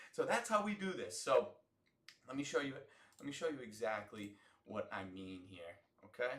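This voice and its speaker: An American man hosting a live football watch-along, talking in an excitable, profane, rambling way. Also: medium pitch, moderate pace, echoey room. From United States. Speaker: host of an alternate sports broadcast.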